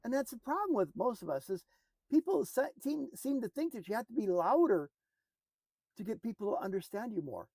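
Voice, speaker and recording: A man giving an earnest motivational talk, repeating phrases and often dropping to a soft, hushed voice for emphasis. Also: very high-pitched, sing-song, a little fast, slightly rough, no room sound, poor audio. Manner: earnest, repetitive, drops to a soft hush for emphasis. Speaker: motivational speaker.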